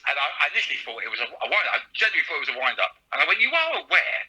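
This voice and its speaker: A man's voice: mid-range voice, big pitch swings, racing, pushed and bright, breathy edge, poor audio. A middle-aged man with a lisp, a comedian and radio presenter telling stories in a casual interview, laughing as he goes. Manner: chatty, laughing storyteller, British slang.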